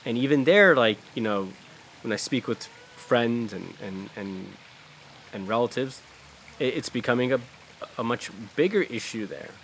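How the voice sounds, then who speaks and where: A man of middle pitch holds forth in a loose, heated podcast rant, full of "like" and "dude" and blunt swearing. His talk rambles and restarts, then presses hard on a point. A faint noise floor sits under the recording. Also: expressive, measured pace, fairly bright tone. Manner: blunt, profane, heated, lots of fillers. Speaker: podcast host. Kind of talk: casual ranting talk.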